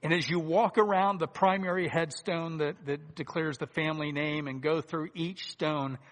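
A man's voice: fairly high pitch, fairly even intonation. Earnest preacher man in a reverberant hall. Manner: deliberate and earnest, swings between loud emphasis and hushed asides. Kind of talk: sermon.

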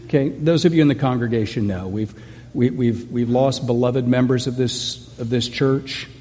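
A middle-aged pastor delivers a sermon in a church sanctuary, earnest and conversational, often circling back over what he's said. His mellow, rather dark voice sits at medium pitch and moves at a moderate pace, echoing with long reverb through the hall.

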